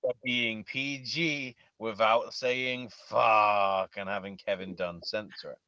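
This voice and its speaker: A man's voice: on the low side, fairly even intonation, slow pace, bright, forceful tone, dry recording, muffled recording. A man co-hosting a podcast in casual chat, making crude jokes and trailing off. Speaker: podcast co-host.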